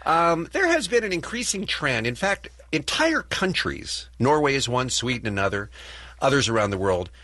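Husky British-born radio host. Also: male voice, medium pitch, big pitch swings, moderate pace, bright, forceful tone, no echo. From Britain. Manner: self-deprecating, rambling with restarts. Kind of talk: casual radio banter.

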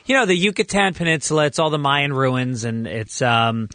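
A man's voice: medium pitch, normal speed, bright, forceful tone, no echo. A man guesting in a radio studio, telling wry jokes about family and travel. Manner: wry, joking storyteller. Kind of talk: casual radio interview.

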